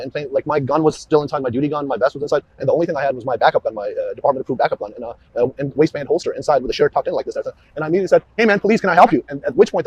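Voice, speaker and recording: A shaken male police officer giving a recorded interview outdoors at a roadside, talking fast and rambling with many restarts. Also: fairly high pitch, darkish tone, a little hiss or hum, poor audio. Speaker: police officer questioned by investigators. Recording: archive interview footage.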